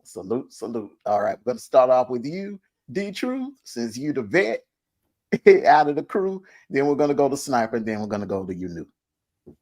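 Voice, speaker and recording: Brief: male sports stream host, hyped, casual, average pitch. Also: sing-song, normal speed, a little mellow. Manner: hyped, laughs often. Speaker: show host. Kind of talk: casual sports talk livestream.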